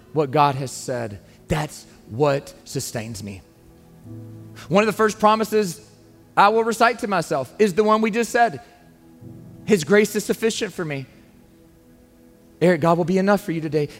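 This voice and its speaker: A man preaching a sermon as pastor, earnest and emphatic, pleading with his listeners. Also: on the high side. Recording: long reverb, faint music underneath.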